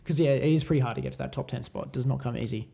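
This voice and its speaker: A young man hosting a casual chat podcast, quick and laughing often. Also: medium pitch, gravelly, warm tone. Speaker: podcast host.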